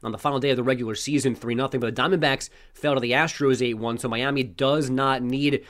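A man reading a scripted sports news update with a brisk, headline-style delivery. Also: medium pitch, fairly even intonation, fairly bright tone.

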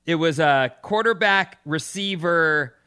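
A male radio co-host with a bright, forceful voice that sits a little high. He chats loosely, reading out odd news items and riffing on them with his partner. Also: slow pace, clean tone. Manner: chatty, reads out news stories. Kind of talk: casual chat.

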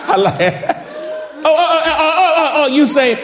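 Very high, swooping male preacher, fervent sermon, echoey church hall. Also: lively intonation, moderate pace, pauses often, crowd noise, background noise. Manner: fervent, calls out to the congregation, rising to shouts.

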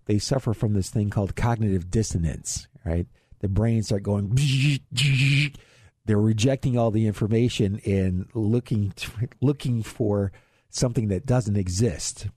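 A man's voice: fairly low pitch, fairly even intonation, moderate pace, dark tone, breathy edge, dry recording, studio quality. A middle-aged man from Ohio hosting a radio show on investing, talking in a folksy way with chuckles and restarts. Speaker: radio show host, financial advisor. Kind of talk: casual radio talk on investing.

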